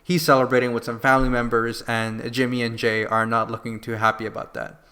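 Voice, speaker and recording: Guy on a podcast going over wrestling matches, lots of likes and uhs, mid pitch. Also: brisk. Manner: animated retelling with many fillers. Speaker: podcast co-host. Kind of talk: casual wrestling review chat.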